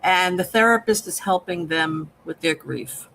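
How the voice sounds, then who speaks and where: A man's voice: sits high, unhurried, gravelly, sharp tone, slight background noise, rough recording. A man co-hosting a live film review, explaining his ideas patiently like a therapist and checking in with "okay?" as he talks. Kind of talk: live casual review chat.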